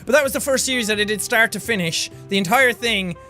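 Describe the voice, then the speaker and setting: An Irish man casually reacting to his old videos, excitable and self-deprecating, with quick exclamations. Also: high-pitched, faint music behind. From Ireland.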